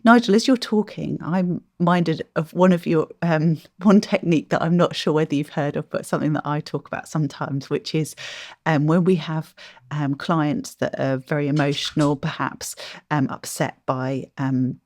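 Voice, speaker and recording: A woman co-hosting a podcast, chatting casually and hesitantly, with many fillers and pauses. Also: sits low, fairly even intonation, darkish tone, no room sound, clean studio sound. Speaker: podcast co-host. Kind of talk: casual interview chat.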